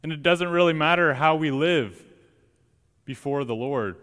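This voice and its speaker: A young man, a student preacher, delivering an earnest, emphatic sermon with deliberate pauses in a church. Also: fairly high pitch, fairly bright tone. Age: young adult. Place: church sanctuary. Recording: long church reverb.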